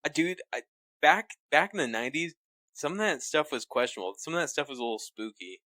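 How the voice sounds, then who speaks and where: A man co-hosting a podcast, telling news in a halting, teasing way with many pauses. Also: on the high side, animated, sharp tone, no echo. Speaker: podcast co-host. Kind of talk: casual chat.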